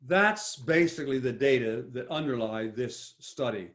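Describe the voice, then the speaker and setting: A man's voice: mid-range voice, normal speed, a bit bright. An older man giving a talk with slides, speaking emphatically with many restarts and self-corrections. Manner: rambling, frequent restarts, emphatic. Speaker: guest speaker.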